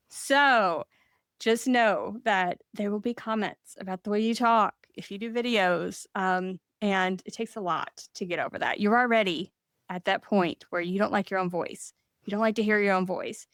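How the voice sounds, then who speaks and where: Southern lady cohost, earnest and matter-of-fact, mid pitch, dry close sound. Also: normal speed, a bit bright, no echo. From Southern United States. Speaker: podcast co-host. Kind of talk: casual conversational advice.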